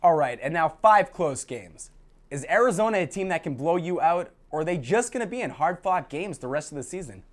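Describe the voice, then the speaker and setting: A man's voice: on the high side, expressive, a little fast. A man hosting a student TV sports show, reading scores and questioning his analyst in an upbeat anchor manner.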